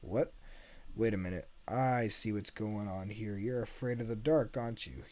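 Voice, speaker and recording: A man reading a script aloud and voicing a gruff, hesitant male ogre. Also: fairly low pitch, moderate pace, a little mellow, lightly acted. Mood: reassuring. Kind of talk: amateur script read-aloud.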